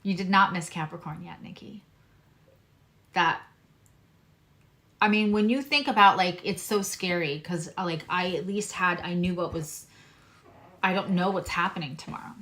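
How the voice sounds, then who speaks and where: A woman's voice: lowish voice, normal speed, a bit bright. A woman astrologer giving a casual, earnest tarot reading, speaking straight to her viewers in a reassuring way.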